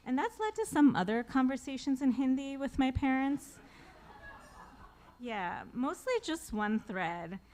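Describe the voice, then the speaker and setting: A woman's voice: high-pitched, very animated, a little slow, a little mellow. A woman in her forties, an author telling a personal story live to an audience with wry, self-deprecating humor, often laughing at her own jokes.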